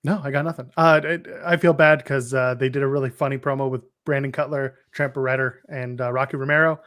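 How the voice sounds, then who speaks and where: This wrestling podcast co-host speaks fairly quickly in a mid-range, fairly bright voice with fairly even intonation. His match recaps are wry, jokey and rambling, in a casual wrestling chat. The audio is studio quality, with no echo.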